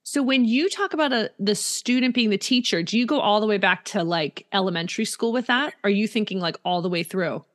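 A woman's voice: medium pitch, brisk, hardly any pauses. A woman hosting a podcast interview, asking loosely phrased, casual questions. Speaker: podcast host.

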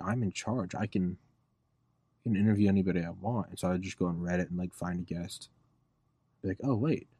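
A man in his thirties, a podcast host, telling stories in a casual, rambling, profane way that turns loud and excited. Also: low voice, no echo. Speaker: podcast host being interviewed. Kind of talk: casual interview storytelling.

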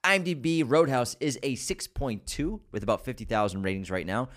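A man's voice: medium pitch, fairly quick. A man co-hosting a movie review podcast, talking in an amped-up, playful, casual way. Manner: hyped, playful, animated delivery. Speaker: podcast co-host.

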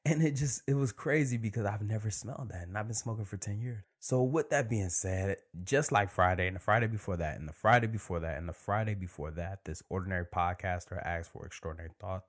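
Male podcast host, low-pitched, relaxed chat with hushed asides. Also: fast talker, hardly any pauses. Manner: relaxed and conversational, drops into near-whispers for emphasis. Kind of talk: casual solo podcast monologue.

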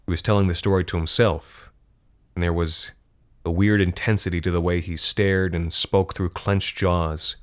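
Male narrator for dark fiction, very low voice, measured and steady delivery. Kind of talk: scripted horror fiction narration.

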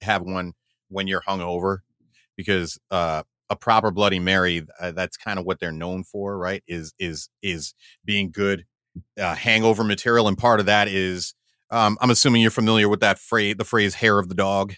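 A man hosting a casual podcast chat, with a bright, forceful voice sitting slightly low. He talks at length, circling back and restarting his sentences. The sound is close and dry. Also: fairly even intonation, moderate pace, no room sound. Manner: restarts often, explains at length. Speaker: podcast co-host.

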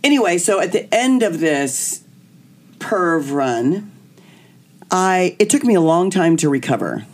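Woman, guest, candid storytelling, animated, acts out quotes. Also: lowish voice, unhurried.

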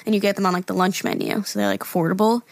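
A woman's voice: medium pitch, fairly even intonation, racing, no room sound. Young woman, podcast co-host, casual chat, chatty, dry close sound. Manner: chatty, lots of fillers and laughs.

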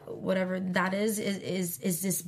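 A chatty woman in her thirties, talking as an interview guest. She tells her story with lots of fillers, and her voice jumps up high and loud whenever she acts out what someone said. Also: unhurried. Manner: chatty storyteller, acts out quoted lines in high animated bursts. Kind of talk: casual interview chat.

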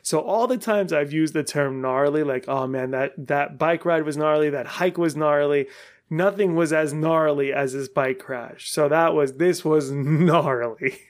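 A man in his forties tells a story on his podcast in a casual, meandering way. His voice sits a little high for a man. He swears freely and laughs often. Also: moderate pace. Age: 40s. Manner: rambling, profane, laughing often. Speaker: podcast host.

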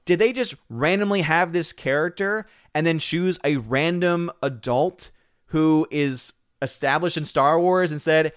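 A man hosting a live stream, chatting casually with viewers in an excitable way and often repeating words as he hurries on. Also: on the high side, smooth, no echo, clean studio sound. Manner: excitable, repeats words while rushing to the point. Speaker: live stream host reading viewer chats.

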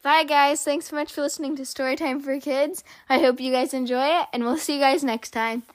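A woman with a high, light voice opens and closes a children's story show. She talks in a chatty, casual way and speaks straight to the kids listening. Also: fairly even intonation, brisk. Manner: chatty, addresses listeners as guys. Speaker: host of a children's story channel. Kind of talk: casual show intro and outro.

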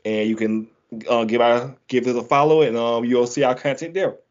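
A man's voice: mid-range voice, fairly even intonation, normal speed. A man hosting a casual podcast, running through lists and chuckling easily. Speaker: podcast host. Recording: dull lo-fi sound.

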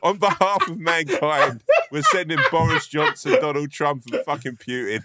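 A man's voice: fairly high pitch, big pitch swings, moderate pace, very noisy. A man co-hosting a podcast, laughing often and swearing freely in casual comedic chat. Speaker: podcast co-host.

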